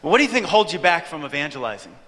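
A male preacher telling a story in a sermon, animated and joking with the audience. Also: a little high, fast talker. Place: church hall, before an audience. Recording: reverberant hall.

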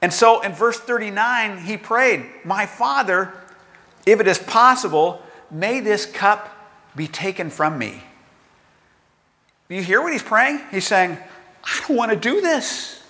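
Older male pastor, chatty sermon delivery with rhetorical questions; bright tone, church reverb. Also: sits high, expressive, unhurried. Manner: conversational preaching with rhetorical questions and acted-out quotes.

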